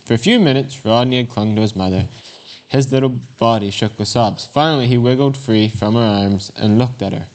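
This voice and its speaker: A man reads a short children's story aloud for a Bible lesson, unhurried and plain, now and then stumbling over a word. His voice sits at an ordinary middle pitch for a man. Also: darkish tone. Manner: plain, unhurried reading aloud with occasional slips and fillers. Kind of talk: reading a children's devotional story and scripture aloud.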